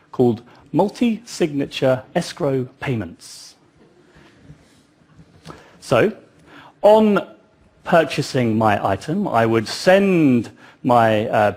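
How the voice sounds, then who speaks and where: A man's voice: fairly high pitch, darkish tone. A man giving a public talk, telling it as a story with wry asides. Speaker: speaker.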